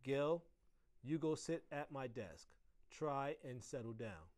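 A man doing a calm, firm teacher. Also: medium pitch, slow. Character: calm, firm female schoolteacher.

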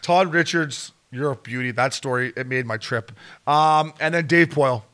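A man in his thirties co-hosting a podcast, excitedly telling stories in casual chat and acting out the quotes. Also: medium pitch, normal speed. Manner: excitable storyteller, acts out quotes. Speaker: podcast co-host.

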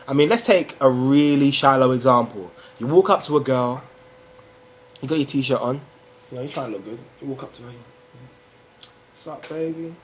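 A young man vlogging about fitness in a chatty, blunt way, going from low mumbles to loud emphatic bursts. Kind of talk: casual talk to camera.

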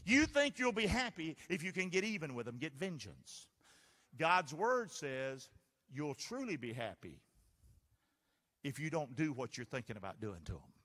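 A man's voice: on the high side, moderate pace. A man pastor preaching a sermon, full of call-and-response questions aimed at the congregation. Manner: animated call-and-response preaching, asks the crowd to answer. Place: church sanctuary. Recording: long church reverb.

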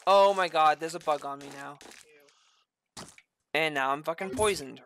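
A woman streamer commentating on her own gameplay, often shouting and cursing at the game in frustration. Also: sits low, normal speed, pauses often. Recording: stream with game music behind.

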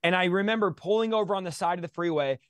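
A man's voice: sits high, fast talker, no echo, clean studio sound. A man in his thirties, a guest in a livestream interview, telling his testimony with a passionate, preacher-like drive.

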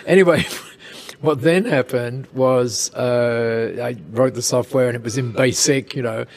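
Gravelly man spinning a yarn. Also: medium pitch. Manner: lively, chuckling, quick asides. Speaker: interview guest, storyteller. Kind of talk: casual anecdotal storytelling.

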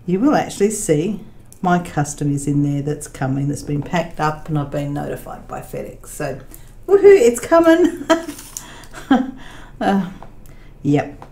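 A woman chatting casually with her viewers, with many fillers, sometimes talking to her dog in a high baby voice. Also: normal speed, dark tone. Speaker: craft vlogger. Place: home laundry room. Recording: echoey room with faint noise.

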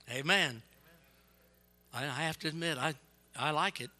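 Man, evangelist sermon, loud and animated, bright piercing tone. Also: on the high side, measured pace. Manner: yells and gets fired up; animated storytelling.

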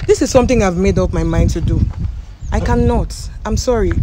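A woman's voice: mid-range voice, fairly quick, heavy background noise. A woman with a Nigerian accent in an acted comedy skit, firmly and defiantly refusing, repeating herself. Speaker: bride-to-be in a staged skit.

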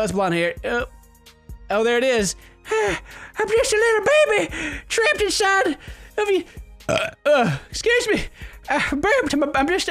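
A young man playfully narrates a silly game, teasing and joking as he goes. His voice sits fairly high, with faint background music running under it. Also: fairly bright tone. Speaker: gaming video host.

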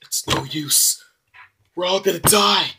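A man's voice: takes it slowly, gravelly, noisy background, heavily acted. A man putting on the voice of a terrified king, crying out in panic. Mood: panicked. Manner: shrill panicked exclamations.

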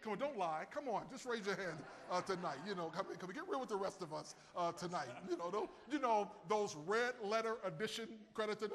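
A man preaching a sermon, animated and calling on his listeners to answer and raise their hands. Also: sits high, a little fast, hardly any pauses, big-room sound. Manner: animated, calls on the audience to respond.

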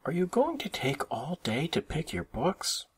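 A man's voice: drawn-out words, bright, forceful tone, husky, no echo, distant mic, heavily acted. A man voicing a little girl bear cub who scares easily, in a storybook reading. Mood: impatient. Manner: high, pleading cub voice.

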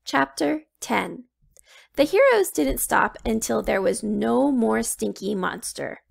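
A woman reading a children's storybook aloud, slow and expressive. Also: on the high side, gravelly. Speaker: children's book reader.

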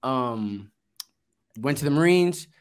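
A man's voice: mid-range voice, expressive, takes it slowly, clean tone. A man who grew up in Florida, telling his story as a podcast guest in a laid-back way, swearing freely and acting out what people said. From Florida, United States. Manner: laid-back, swears, acts out quoted dialogue. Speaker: guest, investing entrepreneur. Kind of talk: casual storytelling interview.

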